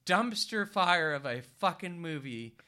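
A man with a very bright, piercing voice, pitched a little above most men, co-hosting a podcast. He recaps a movie in an exasperated, profane rant and keeps slipping into quoted lines from it. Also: animated, measured pace. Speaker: podcast co-host. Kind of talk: casual movie-recap chat.

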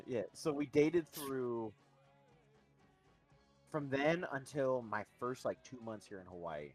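A man's voice: medium pitch, slow pace, soft background music. A young man casually telling a long story on a podcast, rambling and swearing as he acts out other people's lines. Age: young adult. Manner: rambling, swearing, mimics voices in quotes. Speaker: podcast co-host.

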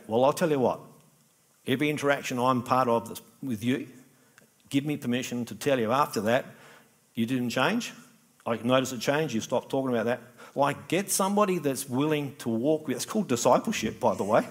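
Brief: middle-aged male pastor, chatty sermon delivery, animated with acted-out exchanges. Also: mid-range voice, a little fast. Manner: animated, acts out little dialogues, conversational preaching.

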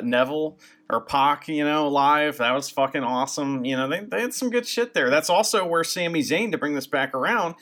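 A man co-hosting a casual podcast, talking in a relaxed way with some swearing. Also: mid-range voice. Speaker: podcast co-host. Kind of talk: casual wrestling chat.

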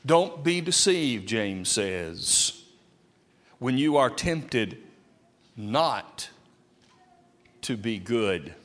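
A man preaching a sermon with a lively, dramatic delivery, sometimes acting out quotes. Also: mid-range voice, very slow, long pauses. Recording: long reverb of a hall.

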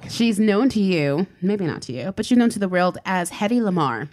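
A woman's voice: medium pitch, animated, moderate pace, a little mellow. A woman co-hosting a casual podcast chat, telling a life story with dry, teasing asides. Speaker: podcast co-host.

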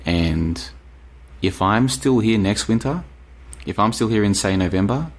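Rambling Australian man, low voice. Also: animated, measured pace. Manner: rambling, emphatic, repeats himself. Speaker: podcast host reading live chat. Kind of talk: casual live-stream chat. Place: apartment in Bulgaria.

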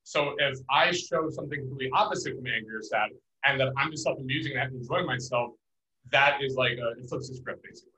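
A man hosts a casual podcast chat, telling relaxed stories full of fillers. His voice is bright and a little sharp, and he talks at a quick clip. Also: mid-range voice, rough recording.

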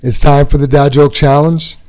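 A man hosting a podcast, a father, introducing segments in a relaxed, low-key way. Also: normal speed. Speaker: podcast host. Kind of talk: casual podcast chat.

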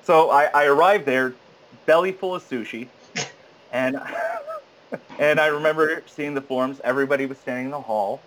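Against a noisy background, a man talks at normal speed with frequent pauses as he casually tells about an audition he went to. He performs the dialogue with lively, abrupt leaps upward in pitch, often stumbling over words and starting again.

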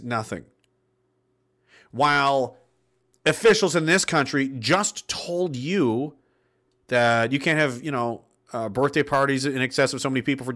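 A man's voice: mid-range voice, a bit bright. A man giving an indignant, sardonic political rant on his vlog and swearing freely. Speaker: political commentator.

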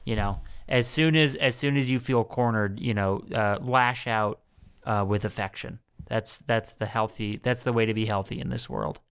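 A man's voice: on the low side, steady tone, normal speed, a bit bright, clear, resonant tone. A young man co-hosting a podcast, recapping a movie in a jokey, profane way and laughing often. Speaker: podcast co-host. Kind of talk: casual movie-recap chat.

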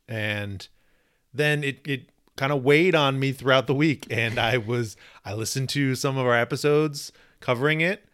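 A man's voice: medium pitch, unhurried, a bit bright, clear, resonant tone. A man co-hosting a podcast in casual chat, playful and rambling, often restarting his sentences. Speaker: podcast co-host.

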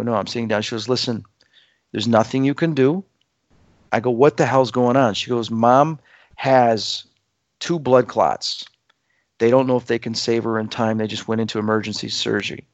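Speaking at medium pitch, a man recounts a dramatic personal story to his listeners, performing each quoted voice in a lively, emphatic way. There's no room sound, and the high frequencies are cut off.

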